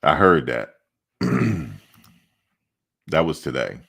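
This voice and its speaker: Man with a very deep voice. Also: drawn-out words, creaky, husky. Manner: playful, animated, joking, slangy; repeats himself for emphasis. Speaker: host of a college football fan show. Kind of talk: casual fan commentary.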